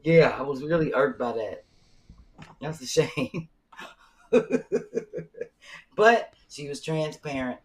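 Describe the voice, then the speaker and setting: A woman co-hosting a comedy podcast in casual chat, telling animated stories and acting out what people said. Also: sits low, takes it slowly, pauses often, rough recording. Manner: animated storytelling, acts out quotes. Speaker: podcast co-host.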